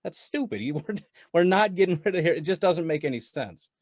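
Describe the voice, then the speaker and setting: Rambling animated guy talking football, laughs a lot, dry close sound. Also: a little high, fairly quick, no echo. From Wisconsin. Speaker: guest Packers commentator. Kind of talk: casual podcast chat.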